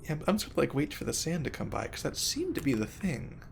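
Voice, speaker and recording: A man's voice: a little high, huge pitch swings, fast talker, gravelly, a little hiss or hum. A man playing a video game, casually thinking aloud and reading in-game text to a friend. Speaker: game streamer. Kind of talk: casual gameplay chat.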